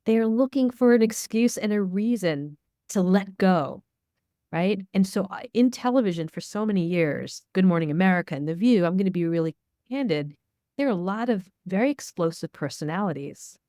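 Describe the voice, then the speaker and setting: A woman's voice: medium pitch, expressive, moderate pace, mellow, no echo, clean studio sound. A middle-aged woman, a media expert guest, answering interview questions in a candid, storytelling way. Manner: candid, storytelling, acts out dialogue.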